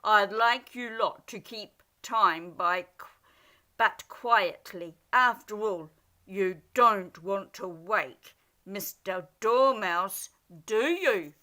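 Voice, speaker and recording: A woman voicing a tired, cross little male dormouse in a storybook, scolding and shouting at the other animals. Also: medium pitch, takes it slowly. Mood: bossy.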